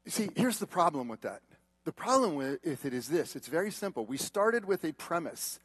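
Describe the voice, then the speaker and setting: High-voiced preacher, loud then hushed. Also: male voice, slightly rough, dry recording. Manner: swings from loud emphatic peaks to hushed quiet tones. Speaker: pastor. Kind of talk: sermon.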